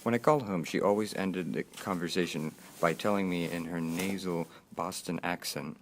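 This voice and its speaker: A man giving measured, scripted narration of a story. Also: low-pitched, steady tone.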